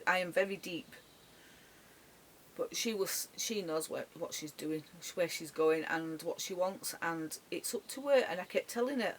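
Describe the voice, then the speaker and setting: A tearful woman recording a personal vlog from her caravan bedroom, speaking haltingly with many restarts and soft, trailing words. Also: medium pitch. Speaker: dog owner. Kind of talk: emotional personal vlog tribute.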